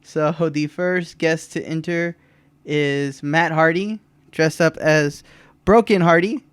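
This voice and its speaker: A man's voice: on the high side, slow, clean tone, dry recording. A man co-hosting a podcast, casually recapping a wrestling show and acting out the wrestlers' lines between laughs. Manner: animated retelling, mimics wrestlers' lines with laughs. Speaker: podcast co-host.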